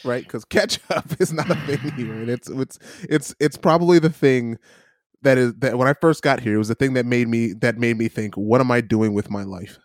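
A man's voice: mid-range voice, normal speed, dry recording. Male co-host, teasing joker, stumbles over words; dead dry close-mic sound. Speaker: podcast co-host. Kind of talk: casual chat.

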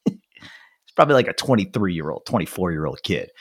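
A man in his thirties holds casual podcast chat, telling an annoyed story with a lot of cursing. His voice rises and falls in a lively way as he slips into the voices of the people in the story. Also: sits low, moderate pace, husky. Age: 30s. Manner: animated storytelling, swears freely, acts out others' voices. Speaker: podcast co-host.

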